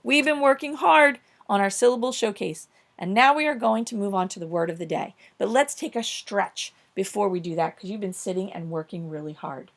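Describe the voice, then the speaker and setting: A woman leads a recorded phonics lesson for young children. She sounds upbeat and encouraging, praising often and slowing down to stress each example word clearly. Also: medium pitch, a little hiss or hum. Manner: upbeat, encouraging, slow clear emphasis on words. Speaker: teacher.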